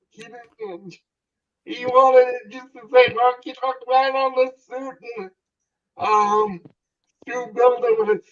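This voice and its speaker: Very high-voiced man, slow and far. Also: a bit bright. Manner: hesitant storytelling with many ums. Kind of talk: casual chat. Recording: muffled, distant lo-fi sound.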